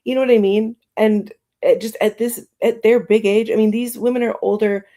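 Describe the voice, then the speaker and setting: A woman's voice: on the high side, fairly even intonation, normal speed, mellow. A woman hosting a casual online chat, talking in a loose, filler-heavy way. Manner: conversational, many fillers like "you know".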